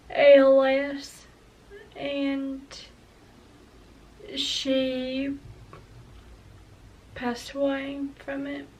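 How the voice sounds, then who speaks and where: A woman's voice: sits high, a little mellow, far from the mic, low-quality recording. A young woman in her early twenties talking hesitantly and emotionally in a personal confessional vlog. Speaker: vlogger.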